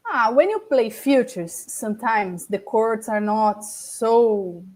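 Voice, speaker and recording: A Brazilian woman in her forties, a native Portuguese speaker, talks in English with a clear Brazilian Portuguese accent. Her voice sits a little on the high side. She often hesitates and corrects herself while looking for the right words. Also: lively intonation, slow pace, a little mellow. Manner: hesitant, searching for words, with fillers and self-corrections. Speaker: interview guest, former tennis player and broadcaster. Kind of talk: casual interview chat.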